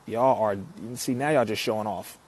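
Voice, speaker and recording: A man from Compton, California, talking casually on a live stream, reading out where viewers are from and giving them shout-outs, with frequent laughter and loud outbursts. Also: on the low side, normal speed. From United States (Compton, California). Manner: lively, reads out viewers' locations and gives shout-outs.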